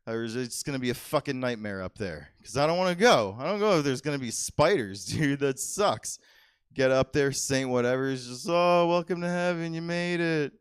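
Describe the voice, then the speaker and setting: A man in his thirties doing a stand-up set on a comedy theater stage, deadpan and profane, chuckling at his own jokes. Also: medium pitch, brisk, clear, resonant tone, no room sound, studio quality.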